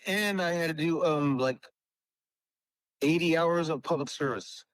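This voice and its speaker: A man's voice: on the high side, unhurried, a bit bright, dry recording, rough recording. A man hosting a podcast, telling rambling stories in casual chat with lots of fillers. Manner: rambling storyteller with many fillers. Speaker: podcast host.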